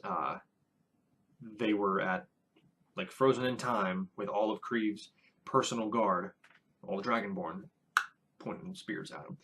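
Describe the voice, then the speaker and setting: A man's voice: lowish voice, measured pace, long pauses, a bit bright, slightly rough. A man who is a first-time dungeon master, recapping his latest tabletop session in a casual vlog, rambling with many fillers and restarts.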